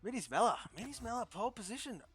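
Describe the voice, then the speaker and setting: A man commentating a sim racing league, shouting with excitement at fast laps and laughing at his own jokes. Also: very high-pitched, husky. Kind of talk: excitable esports race commentary.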